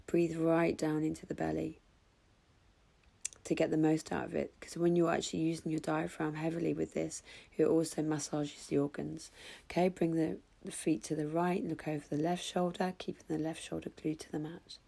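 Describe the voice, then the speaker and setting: A woman guiding a yoga class with calm, slow cues. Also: low-pitched, vocal fry. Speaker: yoga instructor. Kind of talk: guided yoga instruction.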